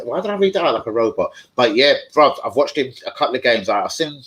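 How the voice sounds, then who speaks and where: Sweary excitable fan streamer. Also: male voice, medium pitch, fast talker, few pauses, slightly rough, rough recording. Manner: sweary, excitable, chatty banter. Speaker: fan channel live streamer. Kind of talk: casual live stream chat.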